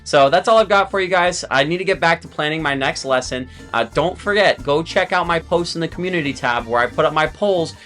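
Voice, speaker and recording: A man's voice: on the high side, fairly quick, few pauses, bright, forceful tone, soft background music. A man teaching a language lesson to viewers in a chatty, explanatory way, with friendly asides and repeated words.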